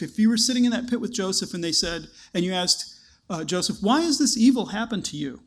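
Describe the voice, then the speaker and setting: Guy with a high voice preaching, chatty, acts out the quotes. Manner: conversational, animated storytelling with acted-out quotes. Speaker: pastor. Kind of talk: sermon.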